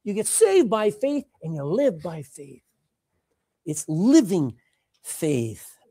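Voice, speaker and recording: A woman preaching a sermon, dramatic and animated, repeating phrases for emphasis and swinging between loud and hushed. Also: lowish voice, slow, slightly rough, no echo, studio quality.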